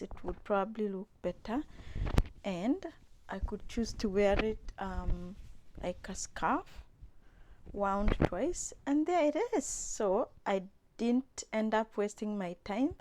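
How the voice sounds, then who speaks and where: A woman with a hoarse voice talking casually through a craft tutorial, chatty and gentle, with frequent pauses and restarts. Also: medium pitch, a little hiss or hum. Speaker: crochet vlogger.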